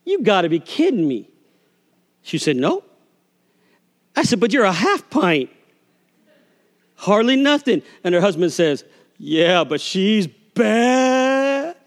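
A man's voice: sits high, sing-song, unhurried, long pauses, in a large hall. A man preaching a sermon as a pastor, telling a folksy story and acting out the voices of the people in it. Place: church sanctuary.

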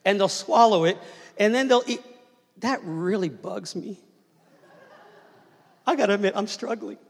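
A man's voice: high voice, unhurried, vocal fry. A man in his fifties preaching a sermon, telling family stories and asking the congregation to respond. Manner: conversational storytelling preacher, asks the crowd to respond. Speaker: pastor. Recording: long reverb of a large hall.

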